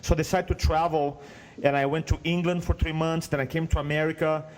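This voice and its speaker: A man in his thirties from Brazil with a Brazilian Portuguese accent, a guest telling his story in an earnest, animated way. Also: on the high side, fast. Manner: earnest, animated retelling with acted quotes. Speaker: guest speaker coach. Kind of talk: storytelling interview.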